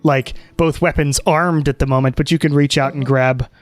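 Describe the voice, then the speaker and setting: A man running a tabletop game as game master, narrating in an unhurried way with many fillers. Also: medium pitch, steady tone, no echo, soft background music.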